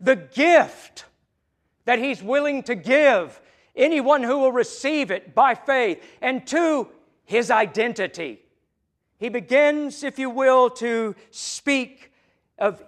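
High-voiced man preaching a sermon. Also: lively intonation, slow. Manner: emphatic, swings between loud stresses and soft low asides. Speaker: pastor.

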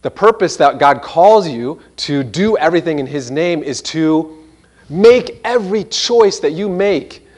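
A man preaching a sermon in a church, animated and earnest, sometimes mimicking voices in quoted asides. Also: on the high side, unhurried. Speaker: pastor.

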